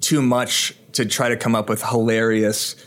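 A man in his thirties, a guest on a podcast, explaining his business in quick, joking, run-on talk. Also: mid-range voice, flat delivery, a bit bright. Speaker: podcast guest, real estate content creator. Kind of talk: casual podcast conversation.

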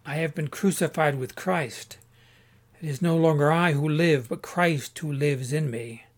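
A man's voice: a little high, measured pace. A man voicing a weary, devout young pilgrim in a storybook, speaking earnestly and plainly.

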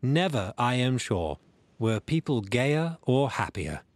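A man narrating a classic adventure novel in a measured, expressive reading. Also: mid-range voice, no echo. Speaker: audiobook narrator. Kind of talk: storybook reading.

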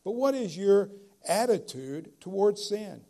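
A man preaching a sermon, emphatic, slowing down to stress key phrases, with frequent "uh" fillers. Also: high voice, sing-song, mellow.

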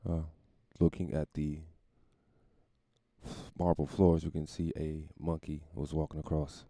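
A man putting on Batman as a brooding detective, narrating clues in a slow, flat way. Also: extremely low pitch, vocal fry, dry recording, pitched below the performer's own voice, full character voice.

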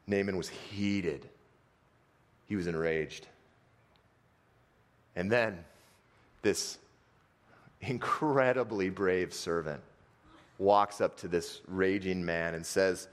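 Low-voiced preacher in a reverberant hall. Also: male voice. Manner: dramatic, swings from fast and loud to slow and hushed. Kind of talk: sermon storytelling.

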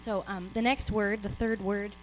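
A woman's voice: medium pitch, brisk, darkish tone, a little hiss or hum, poor audio. A woman giving an informal, personal sermon and reading scripture aloud. She speaks out of breath, chatty, with laughs and many restarts. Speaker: preacher.

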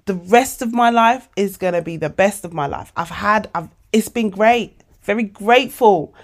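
A woman of forty, hosting a casual motivational podcast monologue, animated and emotional, calling her listeners babes. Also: medium pitch, moderate pace. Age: 40s. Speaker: podcast host.

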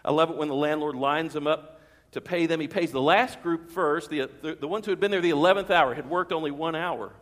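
A male pastor with a notably high voice preaches to his congregation, stressing words by repeating them. He asks the room rhetorical questions. His voice carries a long church reverb. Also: brisk, fairly bright tone. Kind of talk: sermon. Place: church sanctuary.

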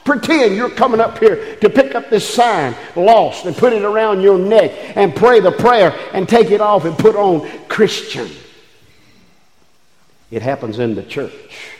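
A man's voice: high-pitched, lively intonation. Male pastor, folksy-to-fervent sermon, roomy sanctuary sound. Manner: folksy, rising to fervent preaching with drawn-out phrases. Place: church sanctuary. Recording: echoey church hall.

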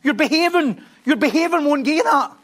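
A man preaching a sermon, telling a story with animated repetition and stumbling restarts. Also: extremely high pitch, a little fast.

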